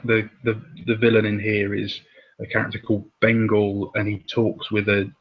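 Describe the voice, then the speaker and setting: A man hosting a casual chat about comics, chatty with laughing asides. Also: lowish voice. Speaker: host. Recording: dull lo-fi sound.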